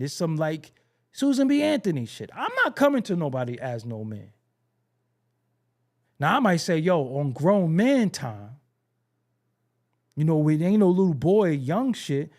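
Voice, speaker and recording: A middle-aged man delivers a blunt, profane commentary rant with a streetwise edge. His voice sits a little high for a man and swings widely up and down as he mocks the phrases of the people he talks about. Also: sing-song, a little slow, long pauses, darkish tone. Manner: mimics other people's phrases mockingly. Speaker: show host.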